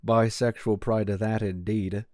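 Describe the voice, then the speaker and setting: A British-accented male streamer with a lowish voice talks unhurriedly to his chat. He is wry and teasing, drifting between thoughts and clearing his throat often. The sound is close and dry. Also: level tone, unhurried, dark tone, no room sound. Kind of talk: casual live-stream chat with viewers. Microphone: close desk mic.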